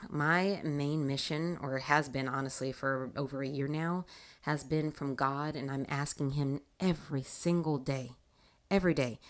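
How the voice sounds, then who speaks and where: A woman hosting a casual faith talk show, telling a personal story in an animated way and laughing often. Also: deep voice. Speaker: podcast host.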